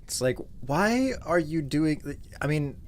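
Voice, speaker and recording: A man's voice: fairly high pitch, a little slow, a little hiss or hum. A man hosting a livestream, chatting casually while playing and often restarting his sentences. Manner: animated, stumbles into restarts. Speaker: streamer host. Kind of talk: casual chat while gaming.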